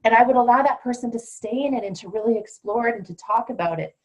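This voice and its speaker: A woman's voice: fairly high pitch, fast, darkish tone, rough recording. A middle-aged woman coach teaching a certification class in a conversational, emphatic way, sometimes acting out what her clients say. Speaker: coach trainer.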